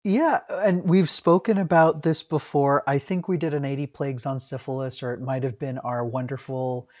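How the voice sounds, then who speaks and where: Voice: mid-range voice, steady tone, moderate pace, a little mellow, lo-fi sound. A podcast co-host who laughs often and explains pharmacology casually.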